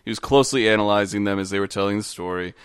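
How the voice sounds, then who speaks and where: Casting note: podcast host, low smooth male voice, rambling storyteller, dry mic. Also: rapid-fire, dry recording. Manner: rambling, many fillers and restarts. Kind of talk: casual storytelling chat.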